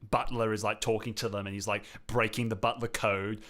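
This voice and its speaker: An Australian man runs a relaxed live chat, breaking into laughter often. He reads viewers' comments aloud and keeps the talk rambling and friendly. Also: on the low side, brisk. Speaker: show host. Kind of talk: casual livestream chat.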